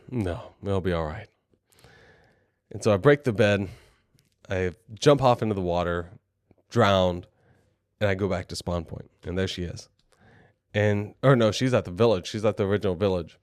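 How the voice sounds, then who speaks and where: A man's voice: sits low, measured pace, pauses often, smooth, no echo, clean studio sound. A young adult man co-hosting a podcast, telling a story in a chatty, rambling, self-deprecating way. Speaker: podcast co-host.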